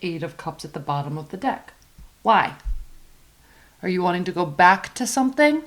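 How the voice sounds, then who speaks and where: A woman's voice: fairly low pitch, big pitch swings, moderate pace. Casual female tarot reader, chatty and emphatic, stretches key words for stress.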